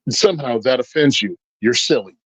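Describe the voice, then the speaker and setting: A man's voice: medium pitch, a little fast, husky, no echo, low-quality recording. A man telling stories in casual chat as a podcast guest, acting out the voices of the people he quotes. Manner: animated storyteller, acts out quoted voices.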